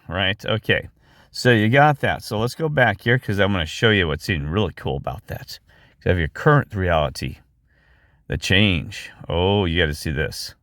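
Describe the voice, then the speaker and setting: Excitable man, dry close voice. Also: medium pitch, no echo. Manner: excitable, rambling, exclaims and restarts often. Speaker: video host. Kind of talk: excited screen-share commentary.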